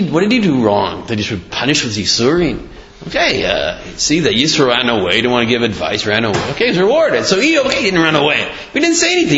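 A man teaching a Torah lesson, asking rhetorical questions and pausing on fillers as he works through examples. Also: mid-range voice, a bit bright. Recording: dull lo-fi audio.

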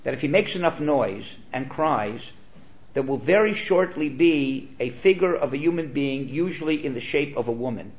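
A man's voice: medium pitch, animated, normal speed. A man giving an earnest, explanatory Torah lecture as a rabbi, sprinkling in Hebrew terms. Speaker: rabbi teaching. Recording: dull, lo-fi recording.

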